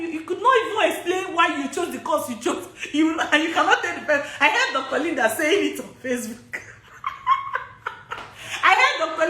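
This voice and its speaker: Laughing high-voiced Nigerian woman, echoey room. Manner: laughs often, repeats herself, chatty and animated. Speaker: study abroad coach. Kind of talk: live social media Q&A.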